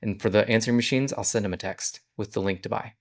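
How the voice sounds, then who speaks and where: Low-voiced man explaining his business. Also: fast talker. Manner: conversational, walks through steps plainly. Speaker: business owner. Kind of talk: casual business vlog explanation.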